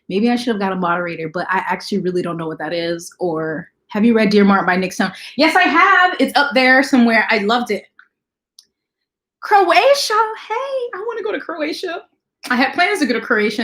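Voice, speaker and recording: Fast-talking, chatty woman livestream host. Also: a little high, a bit bright. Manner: talks fast, chatty, greets viewers by name. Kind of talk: casual livestream chat.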